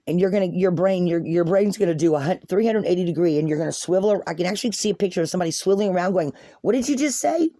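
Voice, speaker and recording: Woman tarot reader, earnest and rambling, warm mellow voice, dry close sound. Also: fairly low pitch, rapid-fire, hardly any pauses, no echo. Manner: earnest, repetitive, rambling, addresses viewers as guys. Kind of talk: spoken tarot reading to viewers.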